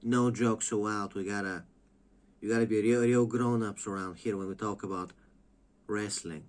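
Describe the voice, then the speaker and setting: A man's voice: lowish voice, fairly even intonation, normal speed, a little hiss or hum, lightly acted. A man putting on a prim, self-serious young male wrestling podcaster with a pompous, affected delivery.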